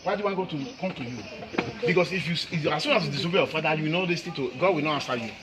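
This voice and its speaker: A man's voice: fairly high pitch, very fast, heavy background noise. Questioning man preaching. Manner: questioning, repetitive tag questions, Nigerian Pidgin. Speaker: pastor. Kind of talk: sermon questioning children and congregants.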